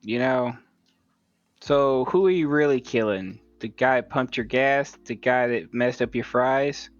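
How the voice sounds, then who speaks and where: A man's voice: mid-range voice, measured pace, no room sound. A man co-hosting a casual podcast chat, wry and rambling, with mild swearing. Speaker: podcast co-host. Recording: slightly dull lo-fi sound with faint music.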